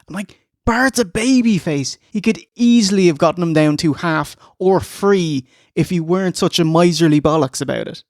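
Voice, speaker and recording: A man's voice: high voice, moderate pace, hardly any pauses, no room sound, clean studio sound. A man hosting a podcast, recapping a film in a joking, casual way and slipping into silly voices. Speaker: podcast host. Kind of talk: casual comedic film review chat.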